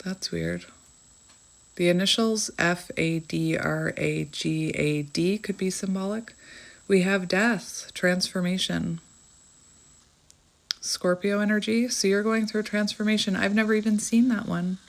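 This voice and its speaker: A woman's voice: medium pitch, fairly even intonation, measured pace, vocal fry. A woman chatting casually as she gives a tarot reading, laughing often and thinking aloud. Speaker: tarot reader.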